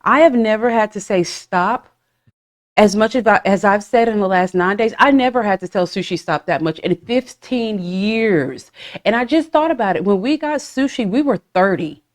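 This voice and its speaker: A woman in her forties hosts a casual podcast chat, telling animated stories with lively swings in pitch. She acts out little voiced asides and swears freely. Her voice sits in a middle register. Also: moderate pace. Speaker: podcast host.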